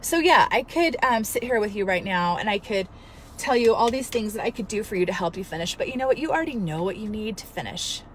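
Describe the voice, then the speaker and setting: A woman in her thirties, a fitness coach, telling a story in an earnest, emotional, animated way and giving motivational advice. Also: mid-range voice, fast, slight background noise. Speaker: fitness coach and studio owner. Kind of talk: casual motivational vlog.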